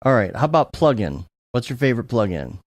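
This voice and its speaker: A man hosting a casual podcast interview, asking quick, chatty questions. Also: medium pitch, very animated, no echo, studio quality. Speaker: podcast host.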